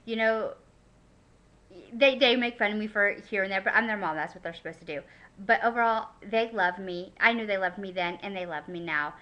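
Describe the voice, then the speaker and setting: A woman's voice: medium pitch, fairly quick, lo-fi sound. A woman in her thirties talking casually in a personal video diary, chatty and emotional, with lots of fillers and restarts. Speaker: vlogger.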